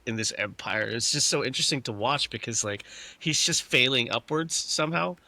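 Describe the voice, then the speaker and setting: A man's voice: medium pitch, lively intonation, fairly quick, bright, forceful tone. A man, a guest on a podcast, talking casually with many restarts. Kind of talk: casual chat.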